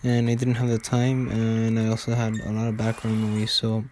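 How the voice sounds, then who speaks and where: A man's voice: fairly low pitch, completely flat delivery, moderate pace, a little mellow, a little hiss or hum. A man giving casual, rambling commentary over a game video, full of fillers and restarts.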